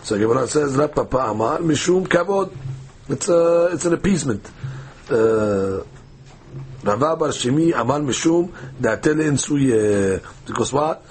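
A man's voice: medium pitch, animated, unhurried, a little mellow, a little hiss or hum. Man teaching a daily Talmud class. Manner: reads text aloud and translates phrase by phrase, hesitant fillers.

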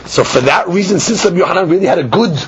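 A man teaching a lively Talmud class, acting out both sides of the argument. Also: high voice, fast talker. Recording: dull lo-fi recording.

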